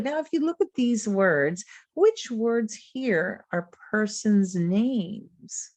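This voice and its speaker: A woman's voice: medium pitch, animated, takes it slowly, darkish tone, dry recording. Encouraging woman teacher on a video call. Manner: models classroom drills, taking teacher and student turns; patient, encouraging teacher talk. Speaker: literacy presenter. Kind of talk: webinar lesson demonstration.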